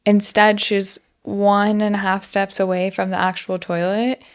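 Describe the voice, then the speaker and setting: A woman's voice: mid-range voice, little pitch movement, measured pace, smooth. A woman in her thirties co-hosting a family podcast, telling stories playfully and laughing often. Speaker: podcast co-host. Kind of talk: casual chat.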